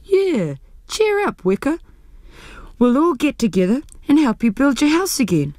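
A woman's voice: sits high, big pitch swings, a little slow, a little mellow, no echo, clean studio sound, voice pushed up. A woman doing a chirpy little owl. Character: cheerful female ruru owl, just woken. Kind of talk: storybook reading.

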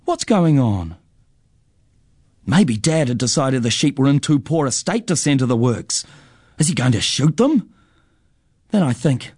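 Storyteller man, measured delivery, mid-pitched voice, very dry close recording. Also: big pitch swings, a little mellow, husky, dry recording. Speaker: narrator. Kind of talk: storybook narration.

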